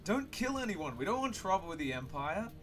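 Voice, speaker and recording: A man's voice: high voice, sing-song, fairly quick, fairly bright tone, faint music behind, voice pushed up. A man voicing a humble, deferential male servant with a dry, mildly teasing manner. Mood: polite.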